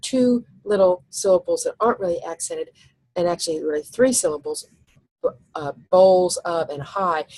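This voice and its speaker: A woman teacher giving a recorded slide lecture, explaining step by step and thinking aloud, slowing down when she reads lines of verse. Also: on the low side, animated, darkish tone, rough recording.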